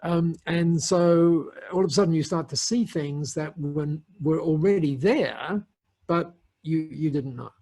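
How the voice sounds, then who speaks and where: A middle-aged man with a somewhat high, husky voice tells a story as a podcast guest. He talks casually and rambles, circling back with restarts and fillers. He laughs now and then as he goes. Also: unhurried, darkish tone.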